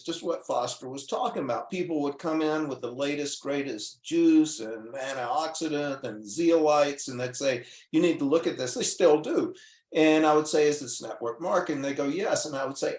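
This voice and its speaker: A man, a guest doctor, telling his story in casual talk, earnest and animated, acting out the dialogue as he goes. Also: fairly high pitch, moderate pace, echoey room. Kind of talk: casual storytelling on a call-in show.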